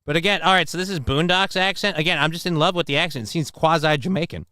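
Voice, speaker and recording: A man's voice: a little high, quick pace, bright, forceful tone, clean tone, dry recording. A man hosting a live talk stream, reacting to clips and reading out chat comments in a loose, profane way. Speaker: livestream talk show host.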